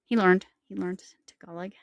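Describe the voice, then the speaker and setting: A woman's voice: fairly low pitch, fairly even intonation, moderate pace, creaky, dry recording, dull audio. A woman chatting to camera in a rambling, self-correcting way while showing snacks and yarn. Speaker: crochet vlogger. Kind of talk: casual chat to camera.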